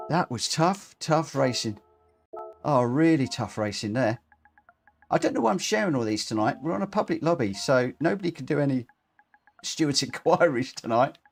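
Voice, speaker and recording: A man's voice: mid-range voice, sing-song, normal speed, gravelly, soft background music. A man hosting a live racing game stream, talking in a chatty, rambling, self-deprecating way. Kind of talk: casual live-stream commentary.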